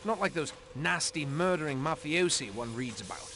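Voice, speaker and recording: An actor playing a nervous manservant in a video game, fretful and halting. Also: male voice, a little high, lively intonation, sharp tone, slight background noise. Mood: flustered.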